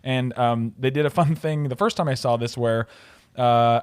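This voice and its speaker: A man of middle pitch hosts a film podcast and talks through his thoughts on a story. His delivery is casual and articulate, with a few fillers, and the sound is dry and close with no room around it. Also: normal speed, smooth, no echo. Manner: articulate, explanatory, some fillers. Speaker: podcast host.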